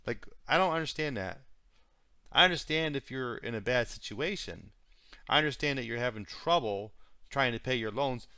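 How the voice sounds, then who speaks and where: A man's voice: medium pitch, animated, normal speed, sharp tone, clean tone, no room sound, clean studio sound. A man giving casual commentary on video clips he reacts to, musing and repeating himself with many fillers.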